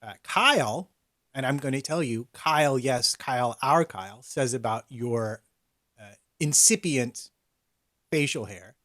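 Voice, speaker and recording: Brief: easygoing male co-host, mid-pitched, dry close home mic. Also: lively intonation, unhurried, a bit bright, no echo. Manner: laid-back, reading out comments. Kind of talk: casual livestream chat.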